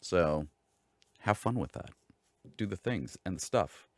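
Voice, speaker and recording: Male fill-in host, lively pitch, dry close sound, self-deprecating rambler. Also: measured pace, no echo. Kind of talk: casual live-stream chat.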